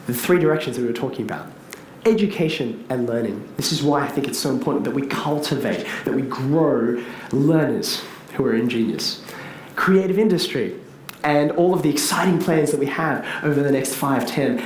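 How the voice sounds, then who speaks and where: A man, a teacher giving a lively public talk to an audience and asking them questions. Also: medium pitch, slight background noise. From Australia. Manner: animated, asks the audience questions. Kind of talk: public speech. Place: large hall with audience. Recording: echoey hall, faint ambience.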